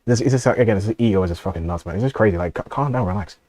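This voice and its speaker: Fast-talking deep-voiced male streamer. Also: mellow, no echo. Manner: rambling, profane, laughs often. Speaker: streamer reacting to a video. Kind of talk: casual reaction stream.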